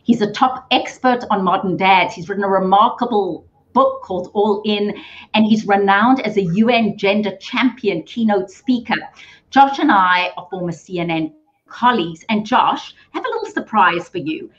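A woman's voice: mid-range voice, animated, normal speed. Woman host, upbeat explainer, dull lo-fi sound. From South Africa. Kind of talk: casual video-call interview.

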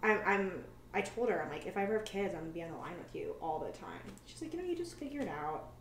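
A woman's voice: fairly low pitch, very animated, fast talker, distant mic. A woman in casual chat, telling stories about a friend and quoting her along the way. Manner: storytelling, quotes friends, chatty. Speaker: guest. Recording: roomy echo from a bit off mic, light hiss.

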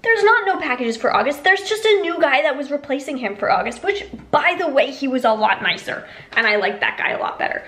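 A woman's voice: sits high, lively intonation, brisk, sharp tone. A young woman vlogging casually in an emptied apartment, rambling through a story with lots of "like". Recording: echoey empty room.

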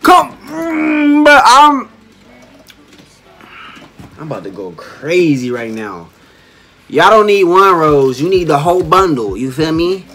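A man's voice: a little high, sing-song, takes it slowly, long pauses, a bit bright. A man reacting to a dance video on his channel, calling out exclamations and playful slang as he watches. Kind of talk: excited reaction commentary.

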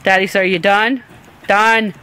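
A woman's voice: medium pitch, steady tone, unhurried, bright, forceful tone, slight background noise. A woman filming her dogs outdoors on a backyard deck with a handheld camcorder, doting and laughing as she talks to them. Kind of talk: casual home video chat.

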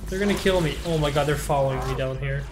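A man's voice: on the high side, fast talker, over music. A young man commentating his first playthrough of a shooter game, jumpy and swearing often, yelping when startled. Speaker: gameplay streamer.

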